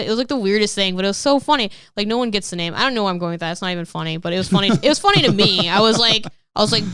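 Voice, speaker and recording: A woman's voice: mid-range voice, animated, racing, few pauses, a bit bright, clear, resonant tone, dry recording, studio quality. A woman comedian in her thirties chatting candidly on a podcast, rambling and swearing, with constant "like"s. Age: 30s. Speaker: comedian guest. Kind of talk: casual podcast interview.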